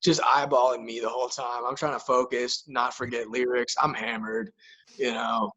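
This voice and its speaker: With a medium pitch, a moderate pace and a breathy edge, the young hockey player and rapper animatedly recounts a wild tale as a podcast guest. He curses freely and leans hard on filler words like "like."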